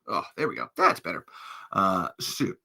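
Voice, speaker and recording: A man's voice: low-pitched, wildly swooping pitch, moderate pace, gravelly, pushed and bright. A man hosting a podcast in casual, rambling chat, laughing often and jumping between tangents. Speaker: podcast host.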